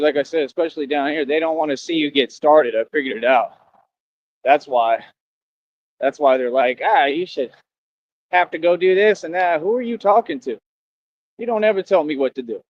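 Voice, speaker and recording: A man's voice: on the high side, dry recording, muffled recording. A man ranting boastfully and scornfully on a live stream.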